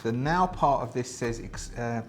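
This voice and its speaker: A man's voice: mid-range voice, a little slow. A man hosting a solo tabletop game, reading rules aloud and thinking through his choices in a chatty way, with many fillers and restarts.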